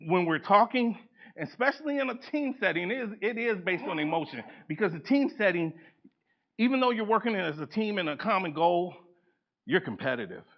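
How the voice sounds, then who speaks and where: A man leads a live seminar, his pitch sitting a little high and swinging widely as he acts out the people he talks about. He talks to the room in a loose, lively way. The recording is dull and lo-fi, like a capture from a conference room. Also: fairly quick. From United States. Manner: animated, acts out quoted people, laughs often. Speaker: workshop presenter.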